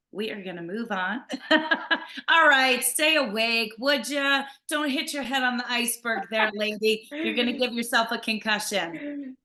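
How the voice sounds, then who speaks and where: A woman hosting a yarn shop livestream, bubbly and teasing, chatting quickly about a raffle and her guests. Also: medium pitch, sharp tone.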